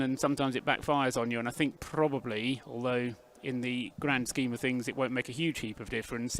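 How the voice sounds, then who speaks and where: A man giving live race commentary in a measured, hesitant way with many fillers. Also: mid-range voice, a bit bright.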